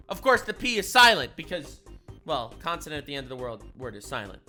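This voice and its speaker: A young man reacting to a video, ranting loudly and swearing, with big swings between loud outbursts and mutters. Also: a little high, big pitch swings, fairly quick, soft background music. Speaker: reaction streamer. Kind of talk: casual reaction commentary.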